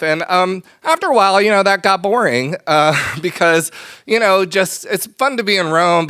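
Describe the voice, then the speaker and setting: A man's voice: fairly high pitch, fairly bright tone, smooth, dry recording, clean studio sound. A man telling a personal story on stage, chatty and self-deprecating, often breaking into laughter and full of fillers. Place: stage before a live audience.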